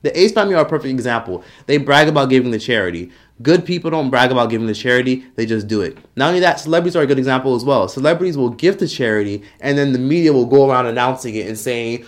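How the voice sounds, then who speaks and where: A young man ranting to camera in a blunt, profane commentary, mocking people with quick impressions. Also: mid-range voice, expressive. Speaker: commentary YouTuber. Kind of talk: opinion rant to camera.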